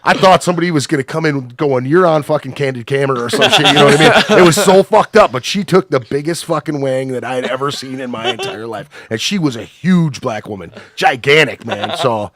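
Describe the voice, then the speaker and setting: A man's voice: medium pitch, animated, fairly quick, few pauses, fairly bright tone. Profane rambling storyteller man. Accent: Upper Midwest American. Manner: profane, rambling anecdotes full of fillers. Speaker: podcast guest. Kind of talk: casual storytelling.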